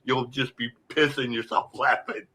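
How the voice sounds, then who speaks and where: Bright-voiced man rambling excitedly. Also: mid-range voice, normal speed, husky. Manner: rambling, excited storyteller, swears, says "like" and "bro". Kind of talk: casual chat.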